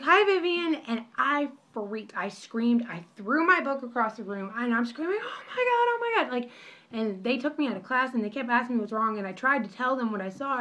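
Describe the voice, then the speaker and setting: A woman's voice: on the high side, fairly bright tone. A young woman telling a story in a casual vlog, rambling and apologetic with many restarts, recorded on her phone at home. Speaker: vlogger.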